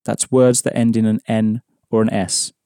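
Man teaching, warm mellow tone, dry close sound, measured explanatory lesson narration. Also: lowish voice, flat delivery, clear, resonant tone, dry recording. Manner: measured, explanatory, repeats key points. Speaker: language teacher.

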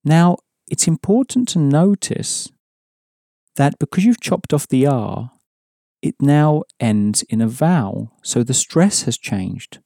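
Mellow-voiced male language teacher. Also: a little high, lively intonation, slow, creaky, no room sound, studio quality. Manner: patient, explains rules then prompts. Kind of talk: audio language lesson.

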